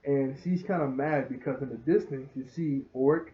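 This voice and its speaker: A man giving a casual, rambling episode review. He gets excited, laughs often and retells scenes as he goes. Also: medium pitch, moderate pace. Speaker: show reviewer. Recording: roomy, dull lo-fi sound.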